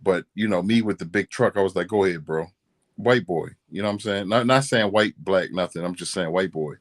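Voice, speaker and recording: Low-voiced man, laid-back and earnest. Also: brisk. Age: adult. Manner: laid-back, earnest, repeats "you know what I'm saying". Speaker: co-host. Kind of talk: casual storytelling chat.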